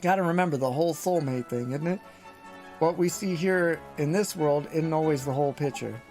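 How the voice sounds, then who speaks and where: Chatty Welsh fairy sidekick, a man putting him on, folksy and slightly high, over faint game music. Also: a little fast, darkish tone, close to an everyday voice. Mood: explaining. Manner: folksy, sing-song, lots of tag questions. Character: chatty small male fairy sidekick, cheeky. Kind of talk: reading game dialogue aloud.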